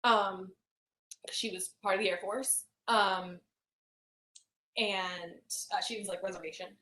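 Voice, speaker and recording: Young woman, halting, in a roomy echo. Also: medium pitch, fairly even intonation, bright, forceful tone. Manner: halting, many fillers and restarts. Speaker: hypnosis client. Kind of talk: emotional personal account.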